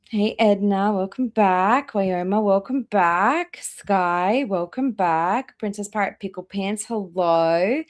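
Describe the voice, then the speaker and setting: A woman hosting a live reaction stream, chatting casually and reading out viewer names one by one with drawn-out welcomes. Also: medium pitch. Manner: drawn-out welcomes, trailing off quieter.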